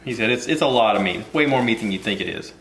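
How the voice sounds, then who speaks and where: A man's voice: on the low side, lively intonation, fast talker, fairly bright tone, reverberant, slight background noise. A man hosting a casual cooking video from his home kitchen, rambling and joking at his own expense. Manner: rambling, jokey, self-deprecating.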